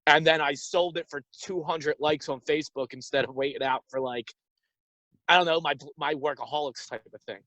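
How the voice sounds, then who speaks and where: A young man with a fairly high, pushed, bright voice co-hosts a podcast from his parked car, rambling and riffing jokes in casual comedic chat. He records on a handheld phone, and the audio is dull with no echo.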